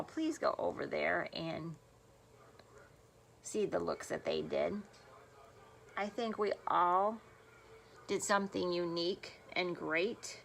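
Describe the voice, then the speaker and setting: A woman's voice: on the low side, creaky, a bit bright, a little hiss or hum. A woman beauty vlogger chatting casually through a makeup tutorial, rambling and self-deprecating, filmed on her phone at home. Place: home room, filming on a phone. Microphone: phone camera.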